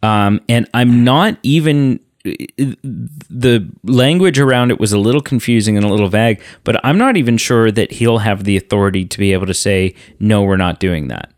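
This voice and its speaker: A man co-hosting a casual movie podcast, explaining things in a measured way with frequent fillers. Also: mid-range voice, expressive, no echo, studio quality. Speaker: podcast co-host. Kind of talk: casual chat.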